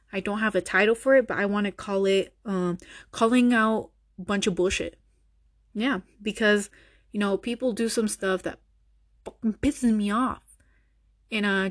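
A woman's voice: mid-range voice, dry recording, studio quality. A young woman hosting her own podcast, ranting bluntly and sarcastically with lots of swearing. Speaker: podcast host. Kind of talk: solo podcast rant.

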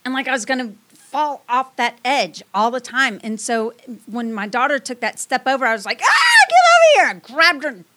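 A woman's voice: a little high, moderate pace, hardly any pauses, pushed and bright. A middle-aged woman telling stories in a casual chat, emotional and swearing freely.

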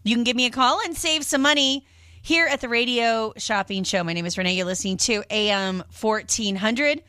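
A woman's voice: on the high side, moderate pace, sharp tone, no echo. A woman hosting a radio shopping show, chatting casually and rambling between calls with lots of fillers, from a studio microphone.

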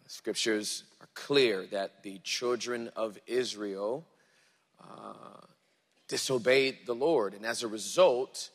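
A man preaching a sermon, reading scripture dramatically and then teaching in a relaxed way. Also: medium pitch, slow, in a large hall. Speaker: pastor.

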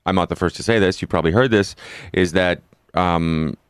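Deep-voiced chipper male podcast guest. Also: brisk, clear, resonant tone, no room sound, clean studio sound. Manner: upbeat, chipper, laughs easily. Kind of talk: casual comedic chat.

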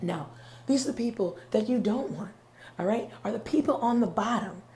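A woman hosting a podcast, giving an earnest motivational monologue in a conversational way, often checking in with "okay?" and "right?" and sometimes dropping to a soft whisper. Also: a little high, expressive, moderate pace. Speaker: podcast host. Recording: roomy with faint background hum.

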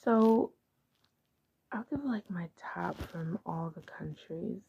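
A woman hosting a podcast in a casual chat. She talks softly and rambles, often dropping into a half-whisper. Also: lowish voice, expressive, takes it slowly, gravelly, slightly rough, highs cut off. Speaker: podcast host.

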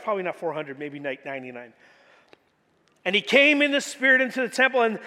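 High-voiced, bright male preacher. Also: big-room sound. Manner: animated storytelling, casual fillers. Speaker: pastor. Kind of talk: sermon. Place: church hall.

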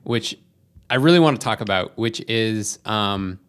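A man's voice: fairly low pitch, lively intonation, measured pace, fairly bright tone, clean tone. A man co-hosting a casual movie podcast, rambling and hesitant with many fillers and restarts. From Canada. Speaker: podcast co-host.

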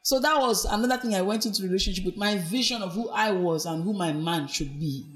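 A woman with a Nigerian accent, guesting on a podcast as an abuse survivor, talks fast in a mid-range voice. She earnestly recounts her life in reflective storytelling with references to her faith.

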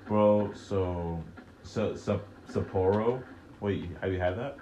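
Deep-voiced young man, halting and rambling. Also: steady tone, dark tone. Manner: rambling, halting, swears a lot. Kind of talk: casual chat while drinking. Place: room at home. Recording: echoey room with noise.

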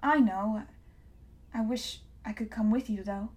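A shy young apprentice speaks softly and hesitantly, as a woman reads him aloud. His words come gentle and a little wistful. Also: medium pitch, a little slow, lightly acted.

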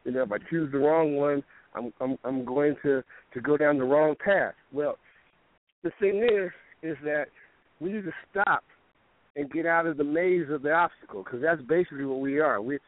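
A man's voice: on the high side, normal speed. A male fitness coach hosting a casual podcast talk. He rambles, restarts his words and tells stories with quoted back-and-forth. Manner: rambling, repeats words when starting sentences. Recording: tinny phone-line audio, dry.

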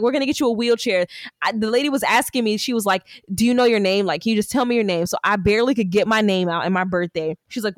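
A woman's voice: mid-range voice, no room sound. A woman podcast host telling a story in casual chat, acting out what people said, with lots of "like". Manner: animated storyteller acting out quotes, frequent "like".

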